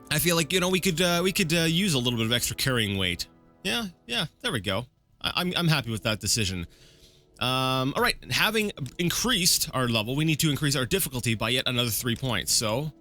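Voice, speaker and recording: A man's voice: mid-range voice, sharp tone. A man giving casual let's-play commentary, rambling and correcting himself with plenty of fillers and restarts. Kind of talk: casual live gameplay commentary.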